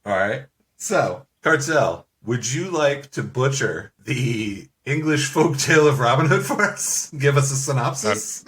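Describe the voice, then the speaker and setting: Slow, lively podcast host. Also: male voice, medium pitch. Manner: playful, leads the segments. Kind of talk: casual chat.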